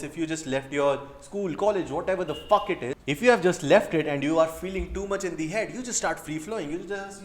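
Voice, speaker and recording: A man's voice: a little high, reverberant. A young man with an Indian English accent who coaches dating and talks over field footage, blunt and profane and fond of repeating key phrases.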